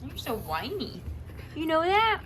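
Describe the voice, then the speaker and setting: A woman using baby talk with her whiny little dog, high and sing-song. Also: wildly swooping pitch, a little slow, background noise, heavily acted. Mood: cooing.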